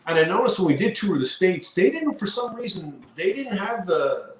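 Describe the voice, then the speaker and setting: A middle-aged man from Canada swaps road anecdotes in a loose, filler-heavy interview style. His voice sits somewhat high for a man. The recording is roomy and echoey, with a faint hum underneath. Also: normal speed, recorded from a distance. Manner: animated anecdotes with lots of fillers. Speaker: rock musician guest. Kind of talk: casual interview storytelling.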